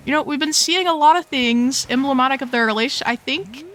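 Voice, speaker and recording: A woman's voice: sits high, moderate pace, a bit bright, faint music behind. A young woman hosting a casual video game tour, gushing and playful with lots of slang. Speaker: host touring game islands. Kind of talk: casual gameplay commentary.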